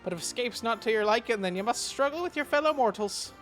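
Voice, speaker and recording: A man's voice: very high voice, animated, fast, fairly bright tone. A man voicing a grandiose, teasing fairy with sweeping, theatrical delivery over faint game music. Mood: grandly teasing. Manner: sweeping, dramatic, sing-song delivery.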